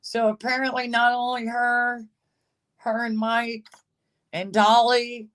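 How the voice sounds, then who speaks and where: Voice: mid-range voice, flat delivery, takes it slowly, a bit bright. A livestream host chatting casually and sarcastically about online personalities, greeting commenters and often laughing. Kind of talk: casual gossip commentary, reading chat.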